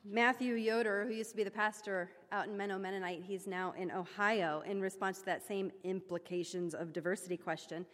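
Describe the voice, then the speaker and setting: A woman's voice: mid-range voice, fairly even intonation, fairly quick, few pauses. A woman giving an informal sermon-style report to her congregation, chatty and self-deprecating, with many fillers and restarts. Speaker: church member reporting back to her congregation. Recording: long hall reverb.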